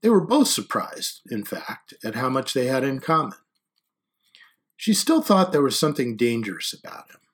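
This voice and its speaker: A man narrating an audiobook in a measured, quiet storytelling manner. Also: medium pitch, sing-song, breathy edge.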